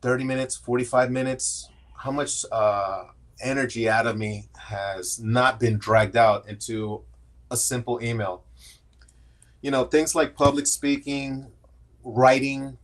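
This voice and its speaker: Middle-aged male guest, candid, casual, talks in restarts, average pitch. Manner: candid, storytelling with frequent restarts. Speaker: podcast guest. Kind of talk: casual interview conversation.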